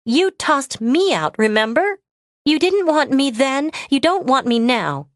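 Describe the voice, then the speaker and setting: A woman's voice: sits high, big pitch swings, measured pace, no echo, clean studio sound, voice pushed up. A woman voicing a hurt, defiant young woman in a romance audiobook, speaking in a raised, pained, accusing tone.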